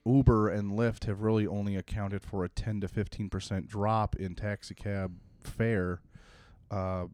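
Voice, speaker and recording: A man's voice: on the low side, little pitch movement, unhurried, darkish tone, no echo. A man in a casual podcast chat who chimes in with short reactions and facts.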